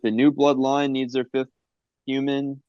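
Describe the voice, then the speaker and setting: A man's voice: medium pitch, level tone, a little slow, darkish tone, dry recording, muffled recording. A man co-hosting a podcast, talking loosely and profanely with jokey asides. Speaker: podcast co-host. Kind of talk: casual chat.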